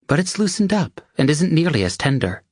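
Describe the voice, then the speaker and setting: A man's voice: on the high side, big pitch swings, fairly quick, a little mellow, no echo, clean studio sound, pitched above the performer's own voice. A man voicing an eager young woman in love in an audiobook, with an earnest, breathless delivery.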